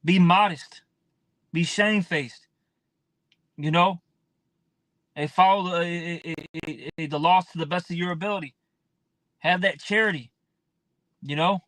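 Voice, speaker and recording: A man's voice: sits high, measured pace, pauses often, a bit bright, no room sound. A man teaching from scripture in a blunt, profane, casual preaching style, often tossing in "man".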